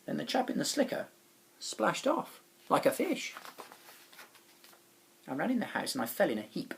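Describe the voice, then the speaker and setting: A man reads a rhyming children's storybook aloud, his pitch bouncing up and down in a lively sing-song. His voice has a gravelly edge. He tells the story dramatically, sometimes booming and sometimes hushed, like a teacher reading to his class. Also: normal speed, slight background noise. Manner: expressive, dramatic storytelling with swings from loud to hushed. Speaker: primary school teacher.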